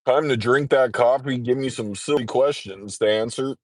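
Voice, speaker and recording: A man in trucker training, chatting casually on a morning livestream, congested and rambling, clearing his throat often. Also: mid-range voice, moderate pace, dry recording. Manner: rambling, frequent throat-clearing and filler words.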